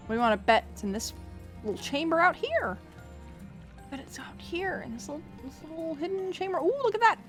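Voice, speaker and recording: A woman from the United States streaming a game, chatting casually in a rambling, profane and animated way. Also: very high voice, a little fast. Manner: rambling, profane, animated, acts out quoted voices. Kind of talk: casual live-stream chat while playing. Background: faint game music.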